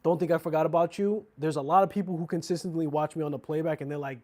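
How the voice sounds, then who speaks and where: A man's voice: fairly high pitch, fairly even intonation, quick pace, hardly any pauses, mellow. A man hosting a casual livestream about watches, talking in a chatty, slangy, rambling way with frequent restarts. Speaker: watch channel host.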